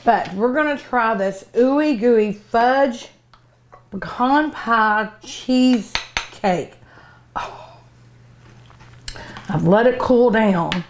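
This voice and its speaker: A woman's voice: mid-range voice, background noise. A middle-aged woman hosting a cooking show, chatting casually and humming with pleasure as she tastes her food. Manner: savoring food aloud with many hums. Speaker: cooking show host and restaurant owner.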